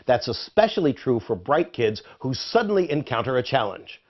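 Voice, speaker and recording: A man's voice: mid-range voice, big pitch swings, normal speed. A man narrating an educational video in a playful quiz style. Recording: dull lo-fi audio with faint music.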